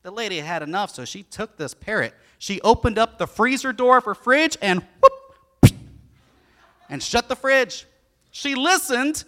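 Animated, bright-voiced male preacher. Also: high-pitched, moderate pace, pauses often. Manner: animated, storytelling, asks the congregation questions. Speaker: pastor. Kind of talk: sermon.

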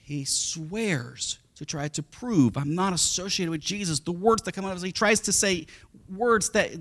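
A middle-aged pastor preaches a sermon, narrating the story with lively, animated energy and performing the voices of its characters. His voice is high-pitched and moves at a moderate pace.

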